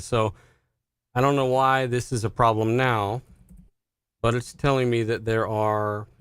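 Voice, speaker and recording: A man's voice: medium pitch, smooth, no echo. A man co-hosting a casual gaming podcast, joking around, laughing and swearing loosely. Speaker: podcast co-host.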